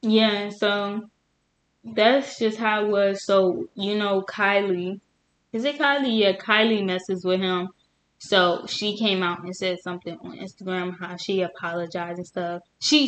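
A woman's voice: mid-range voice, measured pace. Opinionated young woman chatting casually. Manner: opinionated, animated storytelling. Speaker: podcast co-host. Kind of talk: casual chat.

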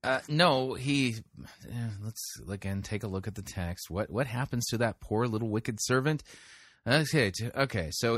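A man's voice: mid-range voice, animated, normal speed, a bit bright, dry recording, clean studio sound. A man hosting a show who reads scripture aloud and corrects a sermon's retelling of it. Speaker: host reviewing a sermon. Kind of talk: critical commentary with scripture reading.

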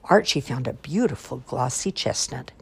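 Storybook reader, woman, low and husky, expressive. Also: normal speed. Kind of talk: reading children's stories aloud.

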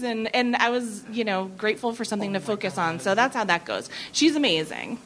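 A woman in her thirties telling a comic anecdote at a live venue, animated and often laughing. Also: mid-range voice, fairly quick, hardly any pauses. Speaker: comedy writer guest. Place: live venue before an audience.

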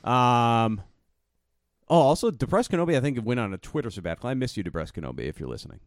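A man's voice: mid-range voice, sing-song, fast talker, no room sound, clean studio sound. A man co-hosting a podcast, chatting casually, swearing and laughing often. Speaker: podcast co-host. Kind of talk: casual chat.

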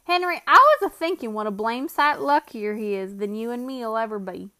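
A woman's voice: fairly high pitch, lively intonation, moderate pace, sharp tone, clear, resonant tone. A woman voicing an uneasy grizzled sled-dog driver with a rustic backwoods dialect. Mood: brooding.

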